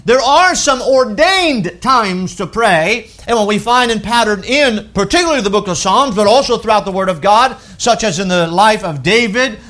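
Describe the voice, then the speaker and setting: Male pastor, high-pitched, emphatic sermon delivery with loud peaks and soft falls. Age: adult with wife and children. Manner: emphatic preaching with wide swings from loud to hushed.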